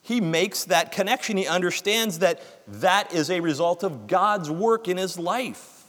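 A man's voice: high voice, a little slow, fairly bright tone, long reverb tail. A man preaching a sermon, reading scripture aloud with emphasis and explaining it earnestly.

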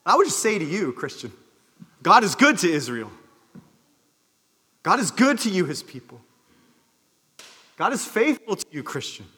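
A male pastor delivers an earnest sermon in a church sanctuary, his fairly high voice lifting into emphatic calls and then sinking low and soft. A long hall reverb trails each phrase. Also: sing-song, moderate pace, long pauses, husky.

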